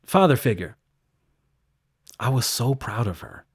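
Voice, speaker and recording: A man's voice: mid-range voice, big pitch swings, a little slow, breathy edge. A man working as a victim advocate, recounting a case in an earnest, conversational interview manner. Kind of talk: recorded interview clip.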